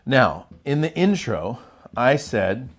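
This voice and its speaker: A middle-aged man talks energetically on a live stream, his pitch swinging widely as he builds up to a point and then drops back down. He sounds chatty and relaxed, breaking off to greet viewers in the chat. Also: slow. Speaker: host of a live motivational show. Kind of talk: live-streamed motivational talk.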